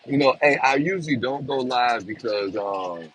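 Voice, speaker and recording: A man livestreams from his phone on a city street, chatting casually and profanely with his viewers in a rambling way. His medium-pitched voice is a bit bright, lively in intonation, and moderately paced. The slightly dull lo-fi phone audio carries a little hiss or hum and faint street ambience.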